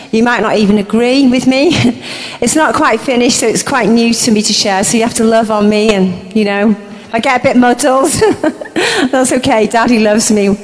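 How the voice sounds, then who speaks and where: A woman preaching a charismatic sermon, impassioned, moving between hushed murmurs and roaring shouts. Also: a little high. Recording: echoey hall reverb.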